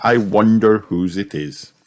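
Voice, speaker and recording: A man's voice: on the low side, a little slow, darkish tone, close to an everyday voice. A man voicing a jolly, food-loving father pig in a storybook reading. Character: jolly, greedy daddy pig, easygoing.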